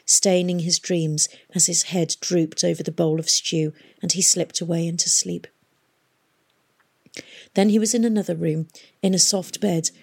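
Gravelly, husky woman reading a novel. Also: fairly low pitch, darkish tone. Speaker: audiobook reader. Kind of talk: audiobook narration.

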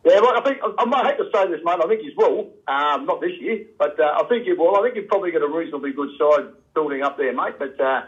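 An older Australian man rambles on a call-in radio show and drops "mate" into nearly every sentence. He talks quickly, and his voice sits a little high. The sound is dull and lo-fi, like a phone line. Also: animated. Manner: rambling, says "mate" constantly. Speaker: radio caller. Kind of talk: casual radio chat.

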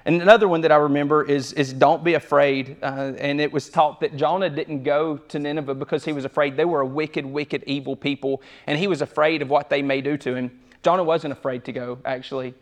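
A man's voice: on the high side, fairly even intonation, a little fast, few pauses. A young man preaching a sermon in a conversational way, often restarting and repeating words as he goes.

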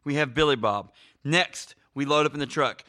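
A man's voice: a little high, moderate pace, bright, forceful tone. A man hosting a podcast, leading a casual chat with mock-serious asides. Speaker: podcast host.

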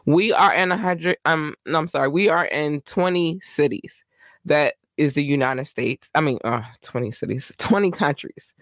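A man with a Baltimore accent hosting his own podcast in casual, rambling chat, giving effusive shout-outs to his listeners. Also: fairly high pitch, normal speed, no echo, studio quality. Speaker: podcast host.

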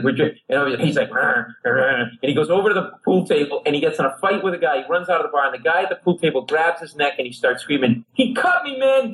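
A middle-aged man from Rhode Island spins a comic anecdote on a talk show. His voice sits a touch high for a man, and he jumps into other people's voices as he tells it. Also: poor audio. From Rhode Island, USA. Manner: lively anecdote teller who acts out other people's voices. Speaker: comedian guest. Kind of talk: animated storytelling on a talk show.

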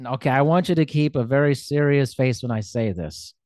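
A man's voice: medium pitch, a little fast, darkish tone, no echo, clean studio sound. An American man hosting a casual interview, curious and laughing often. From United States. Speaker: podcast host.

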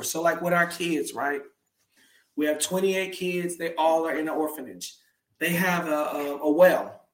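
A man's voice: on the high side, fairly bright tone. A man who is a faith-based life coach, speaking as a guest in an emphatic, preachy storytelling way. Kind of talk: casual conversational interview. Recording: roomy, slightly distant sound.

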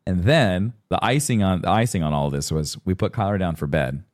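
A man's voice: deep voice, brisk. A man in his thirties co-hosting a casual podcast, telling stories and acting out what people said. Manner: animated storyteller who acts out quotes. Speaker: podcast co-host.

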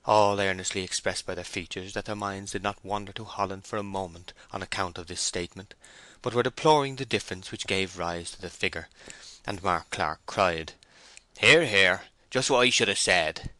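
A man reading a classic novel aloud in a measured, deliberate narration. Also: sits low, fairly bright tone. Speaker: audiobook reader.

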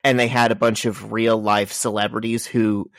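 A man co-hosting a casual podcast, relaxed and matter-of-fact. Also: lowish voice, normal speed, creaky, no echo. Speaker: podcast co-host.

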